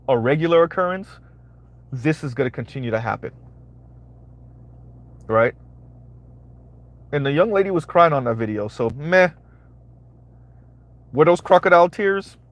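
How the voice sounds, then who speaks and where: A man's voice: on the high side, dry recording, dull audio. A man hosting a live-streamed commentary, talking emphatically, repeating his phrases and asking "right?" again and again. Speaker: commentary channel host.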